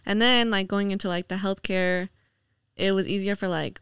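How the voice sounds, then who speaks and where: A woman's voice: mid-range voice, steady tone, moderate pace, a bit bright, clean tone, dry recording, clean studio sound. Chatty laughing young woman. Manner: laughs often, chatty, filler-heavy, does mocking voices. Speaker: podcast guest. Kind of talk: casual podcast chat.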